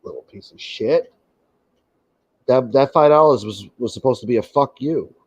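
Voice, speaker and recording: A man's voice: mid-range voice, moderate pace, slightly rough, dry recording. Blunt, sarcastic male stream host. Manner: blunt, sarcastic, swears a lot. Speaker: livestream host. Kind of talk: casual profane rant.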